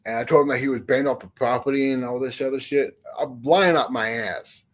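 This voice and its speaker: A man's voice: mid-range voice, fairly quick. A man chatting casually, rambling with many fillers and frequent swearing. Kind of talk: casual chat.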